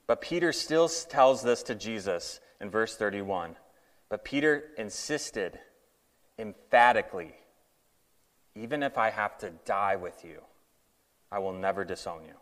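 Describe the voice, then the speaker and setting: A man gives a relaxed, conversational sermon and slips into the voices of the people he quotes. His speech is full of fillers. It is recorded in a hall with a long, ringing reverb. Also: on the low side. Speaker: preacher. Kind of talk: casual sermon.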